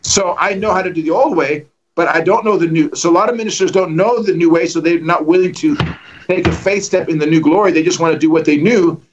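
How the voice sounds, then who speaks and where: High-voiced animated male evangelist. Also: quick pace, muffled recording, background noise. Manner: animated, acts out quotes, joking. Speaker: guest evangelist. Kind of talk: storytelling in a livestream conversation.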